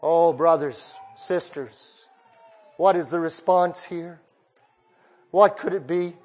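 A man preaching a storytelling sermon, moving between hushed passages and raised ones. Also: on the high side, slow.

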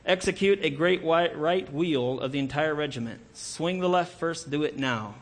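A man's voice: a little high, moderate pace, natural voice. A man voicing a stubborn, resolute army colonel who gives firm orders. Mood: commanding. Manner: firm and commanding.

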